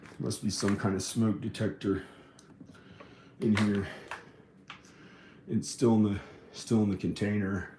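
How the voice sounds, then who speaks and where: Guy mumbling and ranting to himself, lowish voice, noisy background. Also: flat delivery, a little slow, long pauses. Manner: mutters to himself, then rants bitterly. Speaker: vlogger. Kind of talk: rambling monologue to camera. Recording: echoey room with background noise.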